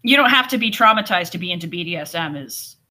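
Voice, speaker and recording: A woman's voice: on the low side, lively intonation, quick pace, sharp tone. A woman co-hosting a comedy podcast, talking in a blunt, exasperated way. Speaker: podcast co-host. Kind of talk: casual comedic chat.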